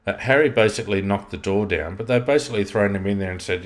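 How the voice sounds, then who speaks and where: Aussie bloke with a real low voice rambling his footy opinions on a podcast. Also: quick pace. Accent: Australian. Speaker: podcast co-host. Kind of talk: casual football chat.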